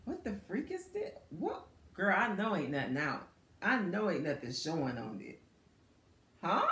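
Animated woman vlogger. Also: lowish voice, normal speed, slight background noise. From United States. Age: middle-aged. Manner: animated, laughing, addresses viewers as girl and y'all. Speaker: fashion vlogger. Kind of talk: casual chatty try-on haul. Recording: echoey room.

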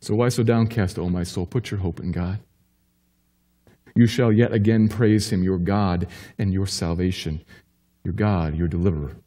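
A pastor preaching a sermon with emphatic delivery, rising to urgent questions and dropping to quiet assurance. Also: male voice, deep voice, steady tone, normal speed, big-room sound. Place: church sanctuary.

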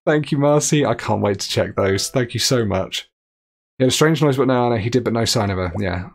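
A man's voice: medium pitch, lively intonation, a little fast. A man streaming a game live, chatting, reading viewer messages aloud and laughing often.

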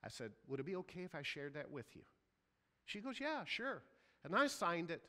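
A man's voice: a little high, sing-song, brisk, sharp tone, big-room sound. A man preaching a sermon as a pastor, telling a story and acting out the people in it. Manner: storytelling, acts out quoted voices. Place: church sanctuary.

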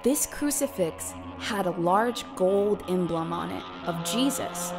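A woman's voice: on the low side, animated, slow pace, over loud music. A woman streamer casually retelling a true crime case, swearing and speaking straight to her viewers.

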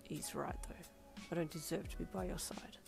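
A woman reading a storybook role as a hot-tempered, protective teenage boy who grunts short, curt lines in a low voice. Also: fairly even intonation, normal speed, vocal fry, music in the background. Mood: gruff.

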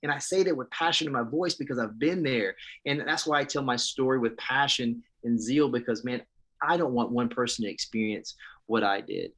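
A man's voice: medium pitch, moderate pace, fairly bright tone. A man in his thirties, a pastor, sharing his testimony in an interview, speaking earnestly and with passion, often restarting his sentences. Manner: earnest, impassioned, preacherly, with frequent restarts. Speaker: pastor and guest.

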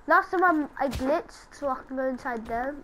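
Squeaky high woman gamer, hyped and trash-talking through casual commentary. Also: moderate pace, a little hiss or hum, poor audio. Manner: excitable, taunting other players. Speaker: gameplay commentator.

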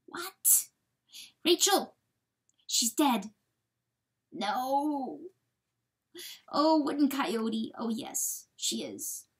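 A woman's voice: fairly high pitch, very animated, takes it slowly, few pauses. A woman reading a storybook aloud, voicing a timid, kind, lame male weasel who talks in hesitant, ungrammatical folksy speech. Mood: pleading. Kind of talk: dramatic audiobook reading.

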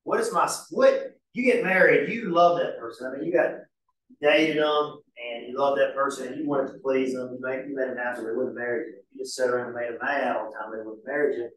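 A pastor teaching a marriage class in a casual, folksy way with homespun examples. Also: male voice, mid-range voice, brisk, fairly bright tone. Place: church hall. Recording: very echoey church room, mic far off.

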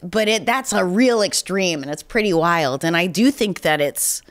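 A woman's voice: on the low side, animated, moderate pace. A woman hosting a podcast in casual chat, slightly nasal as if she has a cold, rambling and self-deprecating. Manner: rambling and self-deprecating, with frequent restarts and laughs. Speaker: podcast host. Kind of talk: casual chat answering voicemails.

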